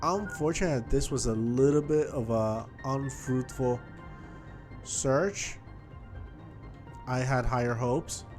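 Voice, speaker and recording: A man's voice: medium pitch, takes it slowly, pauses often, a little mellow. A man giving casual gameplay commentary, chatty and thinking aloud as he explores, with faint game music behind him. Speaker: gaming YouTuber.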